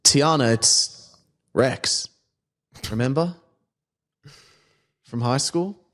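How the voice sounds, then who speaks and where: A man's voice: medium pitch, drawn-out words, fairly bright tone. A man playing a brash, taunting male parking inspector in a comedy skit, crude and swaggering. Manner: swaggering, crude, calls people mate.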